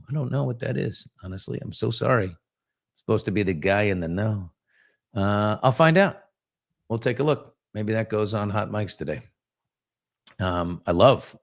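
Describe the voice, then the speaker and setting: His voice is on the low side with some vocal fry. As host of a casual live morning show, he reads out comments from viewers and rambles through anecdotes, often restarting and leaning on fillers.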